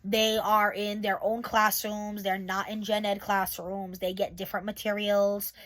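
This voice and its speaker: A woman's voice: medium pitch, little pitch movement, measured pace, a bit bright. A woman who is a special education teacher, giving a casual, candid channel update and talking straight to her viewers. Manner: candid, rambling, talks to viewers directly.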